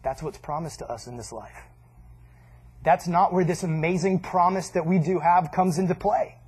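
A man's voice: on the high side, normal speed, a little mellow, slightly rough. A man preaching a casual sermon, conversational and joking, often quoting people in voices. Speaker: pastor.

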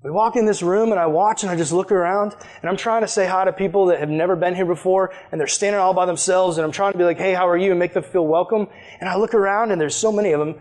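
A man's voice: high voice, a little mellow. A young adult man, a youth pastor, preaching a conversational, emphatic sermon to a youth group.

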